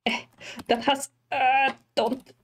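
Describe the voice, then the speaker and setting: Slow-talking woman narrating her gameplay. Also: high-pitched, little pitch movement, slightly rough. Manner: chatty, easily startled, talks to animals and villagers. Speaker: streamer. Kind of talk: casual gameplay commentary.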